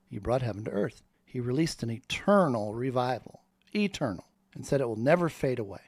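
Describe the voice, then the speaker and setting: Man, middle pitch, dry close mic, fervent rambling preacher-like monologue. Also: gravelly, darkish tone, breathy edge, dry recording. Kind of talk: spoken monologue.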